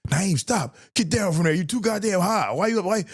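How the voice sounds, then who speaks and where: A man's voice: high-pitched, expressive, moderate pace, husky, pitched above the performer's own voice. A man voicing his worried mother, who scolds him in a raised, fretful voice. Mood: scolding. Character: worried scolding mother, middle-aged woman.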